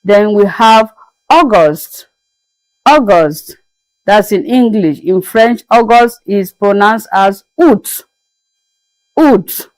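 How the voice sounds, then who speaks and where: A woman's voice: mid-range voice, slow pace, no room sound, low-quality recording. A woman teaching French as a lesson to her channel, who spells the words out and repeats each one patiently. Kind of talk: slow, patient classroom lesson.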